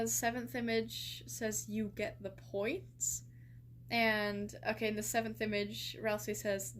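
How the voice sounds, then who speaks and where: A woman's voice: fairly high pitch, a little hiss or hum. A young woman streaming live, chatting casually with lots of fillers and incredulous reactions.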